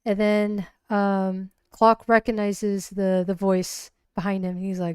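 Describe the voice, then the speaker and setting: A woman narrating her solo tabletop role-playing game on a livestream, halting with many restarts. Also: medium pitch, little pitch movement, a little mellow, smooth, dry recording, studio quality.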